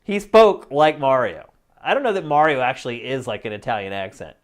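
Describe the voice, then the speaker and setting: A man's voice: medium pitch, lively intonation, brisk. A man co-hosting a gaming podcast, chatting casually and laughing often as he talks. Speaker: podcast co-host. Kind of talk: casual chat.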